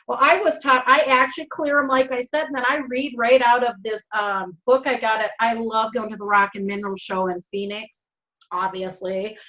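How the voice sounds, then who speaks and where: Host: upbeat high-pitched woman with a Minnesotan accent, chatty and rambling, muffled video-call audio. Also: little pitch movement, normal speed, pushed and bright. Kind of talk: casual live-stream chat.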